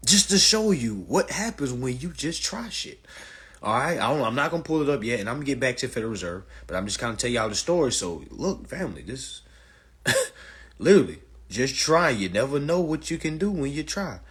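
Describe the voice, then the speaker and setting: A man's voice: mid-range voice, big pitch swings, fairly quick, fairly bright tone, husky. A man telling a long profane story to an online audience, emphatic and repetitive, often saying "all right" and "y'all". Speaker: storyteller addressing a live audience.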